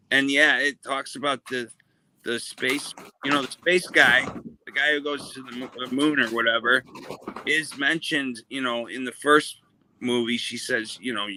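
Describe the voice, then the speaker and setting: Male co-host, very bright tone, rambling and casual, trips over his words. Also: medium pitch, fairly even intonation, moderate pace, a little hiss or hum, rough recording. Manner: rambling, stumbles and repeats words, swears casually. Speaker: podcast co-host. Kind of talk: casual chat.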